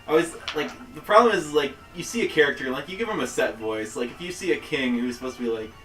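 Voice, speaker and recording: A man's voice: mid-range voice, lively intonation, quick pace, a bit bright, reverberant, far from the mic, faint music behind, poor audio. A man chatting casually with a friend on a gaming stream, dry and teasing. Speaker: guest co-host.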